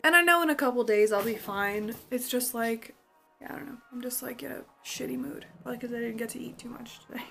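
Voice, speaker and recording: A young woman talks to her vlog camera in a fairly high voice, venting about a frustrating day. She fills her talk with "like" and quotes other people in animated voices. Faint music plays behind her. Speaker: vlogger. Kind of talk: casual chat.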